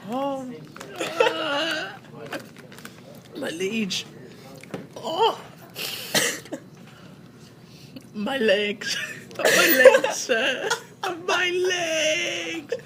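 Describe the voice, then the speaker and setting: A man's voice: very high-pitched, lively intonation, extremely slow, pauses often, voice pushed up, exaggerated voice. A man voicing a crippled male guard who whimpers and wails pitifully. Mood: sobbing. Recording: noisy home recording.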